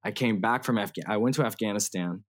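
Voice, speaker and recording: Laughing, slang-heavy man with a low voice. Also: fast. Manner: laughs often, fillers and slang. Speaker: guest musician. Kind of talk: casual interview storytelling.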